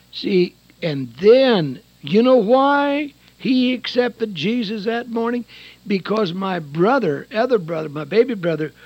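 An older man preaching a sermon and telling his own testimony, dropping to a hush and then rising loud again, from a radio broadcast. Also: sits high, gravelly, poor audio. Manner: dramatic, swings from hushed to loud.

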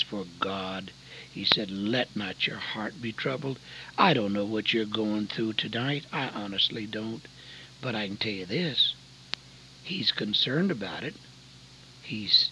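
A man preaching a sermon with personal testimony, dropping to hushed near-whispers and then rising to loud, fervent preaching. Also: lowish voice. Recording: dull lo-fi recording with faint hum.

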